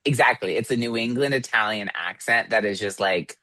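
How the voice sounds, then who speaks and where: A man co-hosting a podcast in casual chat, animated and swearing, his voice jumping up when exasperated. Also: lowish voice, a little fast, dry recording. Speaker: podcast co-host.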